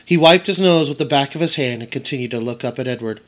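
A man's voice: medium pitch, fast, a bit bright. A man, a teacher, narrating a children's audiobook aloud for his students.

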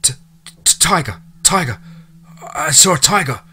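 A man's voice: fairly high pitch, animated, racing, pushed and bright, voice pushed up. A man voicing a terrified, broken young man in a horror story, stammering, whimpering and crying as he begs.

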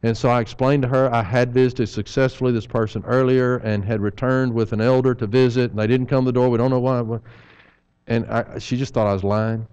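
A man's voice: medium pitch, fairly even intonation, brisk, a little mellow, clean tone, muffled recording. A man preaching an evening sermon in a church, folksy, with rhetorical questions and humorous asides.

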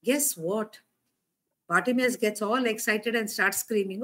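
A woman's voice: mid-range voice, measured pace, bright, forceful tone. A woman preacher giving a conversational sermon, often asking her listeners questions.

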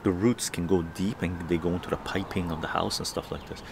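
With a low, steady, gravelly voice and a slightly fast pace, a Canadian man chats casually on a live stream from his outdoor patio garden. He rambles, often ending lines with "right?". Background noise is audible.

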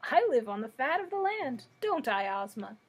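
A woman reading aloud and voicing a plump, sharp-tongued pet hen with a clear, sharp voice. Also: mid-range voice, a little slow, exaggerated voice. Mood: sassy. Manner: sassy and scornful.

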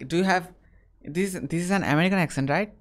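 A man's voice: high-pitched, fast talker. A man from India with an Indian English accent, chatting casually and bluntly with strangers over a video call. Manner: teasing, blunt questions. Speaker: video chat host.

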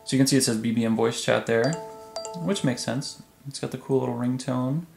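A man's voice: mid-range voice, fairly quick, gravelly, music in the background. Chatty man demoing a phone app. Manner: chatty, relaxed, frequent ums. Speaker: tech video host. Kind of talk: casual product demo. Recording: echoey room.

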